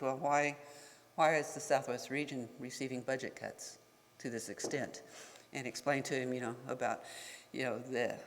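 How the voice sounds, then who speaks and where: A man's voice: mid-range voice, a bit bright. A man speaking as a tribal leader, telling a wry anecdote at a symposium. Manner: storytelling, wry, chuckling. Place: conference hall. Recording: long reverb of a hall.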